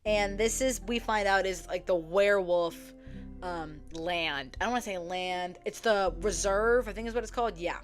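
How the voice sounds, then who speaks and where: A young woman casually retelling a story to her viewers, chatty and profane, full of "like" fillers, acting out characters' lines in quick quotes. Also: mid-range voice. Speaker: book vlogger. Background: faint background music.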